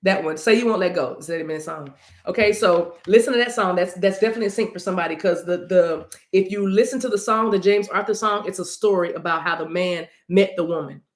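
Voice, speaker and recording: A woman's voice: lowish voice, quick pace, reverberant. Woman, livestream card reader, chatty, talks to chat, casual. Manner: chatty, sings snippets, addresses chat directly. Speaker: spiritual reader.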